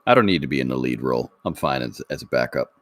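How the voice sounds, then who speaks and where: Very deep-voiced man, quick teasing banter. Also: lively intonation, no room sound, studio quality. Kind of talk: casual chat.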